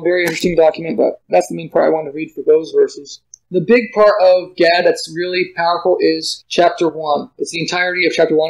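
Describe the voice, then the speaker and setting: Casting note: higher-pitched man, relaxed study leader, alternates scripture reading with loose chatty commentary. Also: gravelly, poor audio. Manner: reads archaic verses aloud, then explains casually with fillers and restarts. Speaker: Bible study teacher.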